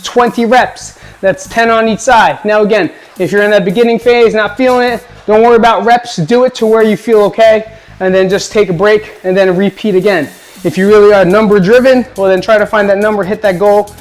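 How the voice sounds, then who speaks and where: A man's voice: high voice, poor audio. A man coaching a home workout, upbeat and encouraging, with a joking streak. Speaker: fitness coach.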